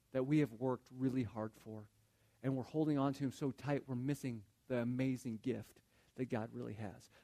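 A man's voice: mid-range voice, warm tone. A man preaching a sermon in a conversational way, often repeating words as he tells a story. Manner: conversational, repeats words while building a point. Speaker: pastor.

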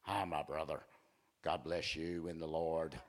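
A preacher mimicking an overly pious male churchgoer with a hushed, sanctimonious greeting. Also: rumbling low, little pitch movement, a little slow, voice pushed down.

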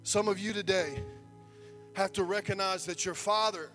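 A pastor with a high-pitched voice preaches to his congregation, telling a story with lively animation. He builds toward near-shouting at the peaks. A soft wash of music sits faintly behind him. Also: normal speed. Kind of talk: sermon. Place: church service before a congregation.

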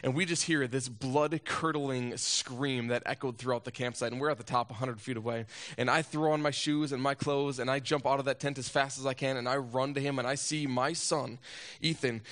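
A pastor preaches a sermon, sharing a personal story and posing rhetorical questions. His mid-range voice moves at normal speed, shifting between loud urgency and hushed moments.

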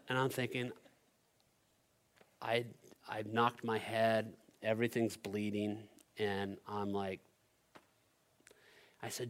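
A middle-aged male pastor with a medium-pitched voice tells a personal story from the pulpit. His delivery is animated and conversational, with a relaxed storytelling flow. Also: a little slow, long pauses. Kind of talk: sermon storytelling.

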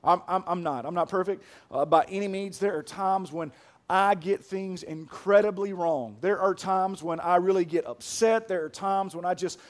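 Emphatic high-voiced preacher. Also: male voice, moderate pace. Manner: emphatic preaching, growing soft and hushed when telling a personal story. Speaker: pastor. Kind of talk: sermon.

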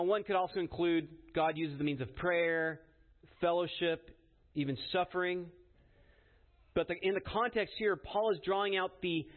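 A man with a high voice preaches an earnest, emphatic sermon. He keeps asking his listeners "right?" as he drives each point home. The recording is narrow and tinny, like a phone line.

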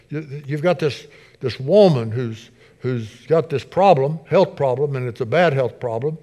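A middle-aged man preaching a sermon as pastor, earnest, repeating his phrases and building in intensity, softer when he prays. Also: mid-range voice, normal speed. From United States. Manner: soft, subdued when praying.

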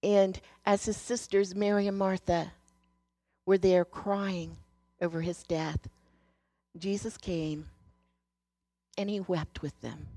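A woman's voice: on the low side, fairly even intonation, takes it slowly, pauses often, no room sound. Earnest woman preaching in a dry recording. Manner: storytelling, earnest, shifting between hushed and emphatic. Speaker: speaker sharing a devotional message. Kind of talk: sermon.

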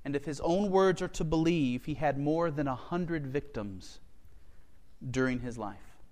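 A man's voice: fairly high pitch, a little slow, a little mellow, long reverb tail. A man preaching a sermon and reading scripture in an earnest, emotional way. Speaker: pastor.

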